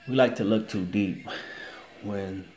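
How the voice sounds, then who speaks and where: A man telling a story to the camera in a casual, excitable way, repeating his exclamations. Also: lowish voice, slow, faint music behind.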